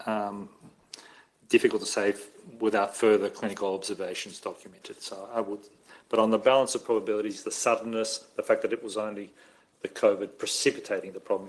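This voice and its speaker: Man, Australian accent, expert witness, hesitant, self-correcting, lowish voice. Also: little pitch movement, brisk, low-quality recording. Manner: hesitant, thinking aloud, correcting himself. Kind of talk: formal testimony at an inquest.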